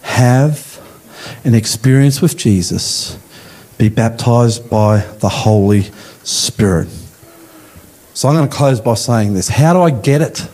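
A man preaching a sermon in a church, with slow, emphatic phrasing that rises and falls. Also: darkish tone. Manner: emphatic preaching, slow deliberate phrasing with rising and falling pitch. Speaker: pastor.

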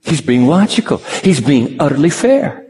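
A man's voice: a little high, big pitch swings, normal speed, a little mellow, big-room sound. A man preaching a sermon, acting out dialogue with dramatic shifts in his voice. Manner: dramatic, acts out voices of God and Peter. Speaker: pastor.

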